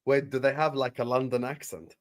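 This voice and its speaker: A man hosting a live football watchalong, chatting emphatically and joking with his co-host. His voice is close to the mic with a dry, roomless sound. He sits at an ordinary male pitch. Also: fairly quick, no echo. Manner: animated, emphatic, laughing banter. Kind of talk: casual chat.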